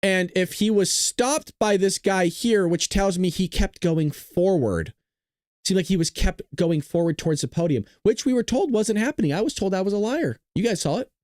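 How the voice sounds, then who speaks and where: Sarcastic guy hosting, high voice, laughs a lot, dry close mic. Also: expressive, moderate pace, a little mellow, dry recording. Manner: mocking, sarcastic, laughs often, swears. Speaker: show host reacting to clips. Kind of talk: casual reaction commentary.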